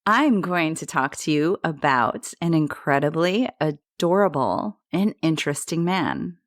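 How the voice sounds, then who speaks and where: A woman's voice: low voice, animated, a little slow, no room sound, studio quality. A woman co-hosting a podcast, telling a history story in a chatty way and correcting her own slips and pronunciations. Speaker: podcast co-host.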